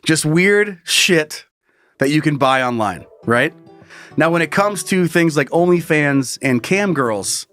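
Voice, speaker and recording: A man's voice: fairly high pitch, expressive, takes it slowly, fairly bright tone, faint music behind. A man co-hosting a casual comedy podcast, crude and swearing freely with mock exasperation. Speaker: podcast co-host.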